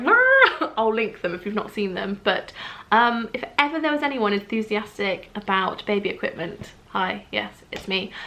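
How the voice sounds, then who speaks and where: A woman, chatting casually in a vlog, bubbly and gushing, her voice leaping up when excited. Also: mid-range voice. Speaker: vlogger. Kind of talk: casual chat.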